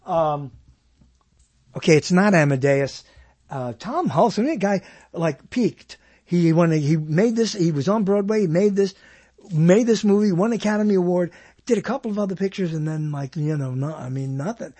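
A man's voice: high-pitched, lively intonation, moderate pace, mellow. A man hosting a talk show in casual chat, rambling and trailing off mid-thought. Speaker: show host.

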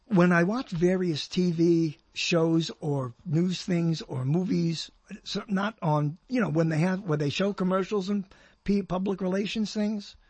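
Older male radio host, high husky voice, rambling and jokey, dry close mic. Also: dry recording. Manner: rambling, jokey, self-deprecating asides. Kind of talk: solo radio talk, rambling.

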